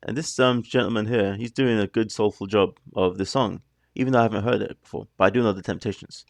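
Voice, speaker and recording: A man's voice: fairly low pitch, fairly even intonation, fast talker, gravelly, no room sound, clean studio sound. A man hosting a reaction video, talking through the music in a chatty, rambling way that keeps breaking off mid-thought. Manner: chatty, rambling, self-interrupting. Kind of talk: casual rambling commentary.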